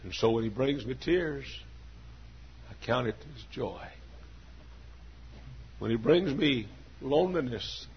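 A man in his sixties preaching a sermon with an emphatic, repetitive cadence that swings from hushed to loud. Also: mid-range voice, vocal fry, lo-fi sound, a little hiss or hum. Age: 60s. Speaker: pastor.

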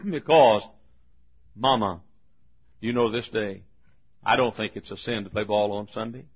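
A man's voice: on the low side, measured pace, slightly rough, dull audio. An older man in his seventies, preaching a folksy sermon full of stories, often chuckling.

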